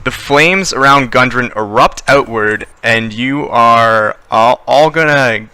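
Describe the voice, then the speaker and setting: Young male GM, hesitant narrator, bright clear voice, dry close mic. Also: mid-range voice, slow, dry recording. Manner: hesitant, many fillers and restarts. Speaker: game master. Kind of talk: narrating a tabletop game.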